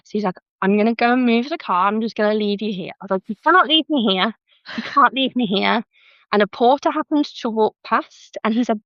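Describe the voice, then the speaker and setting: A woman's voice: medium pitch, dry recording. A young British woman with a British English accent, a podcast guest telling her birth story in casual chat and acting out the lines other people said. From Britain. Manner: lively, re-enacts quoted dialogue with "I was like". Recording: slightly muffled, dry close mic.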